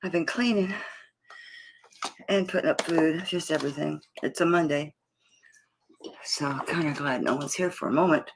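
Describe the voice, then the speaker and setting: Casting note: middle-aged woman, low voice, winded, flustered, rambling live-stream chat, faint hiss behind. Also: moderate pace, vocal fry. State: out of breath. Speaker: host of live jewelry auction stream.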